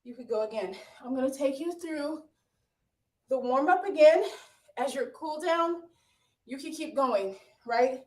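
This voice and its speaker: A high-voiced woman leads a workout, puffing as she cheers her class on and counts down the seconds. She speaks from well back from the mic in an echoey room. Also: expressive, measured pace, a little mellow, far from the mic. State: out of breath. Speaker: fitness instructor. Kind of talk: live workout coaching.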